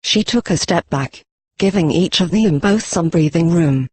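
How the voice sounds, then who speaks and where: A text-to-speech male voice narrating a fan story with an even, machine-read delivery. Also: fairly high pitch, a little slow, breathy edge. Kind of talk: synthetic audiobook narration.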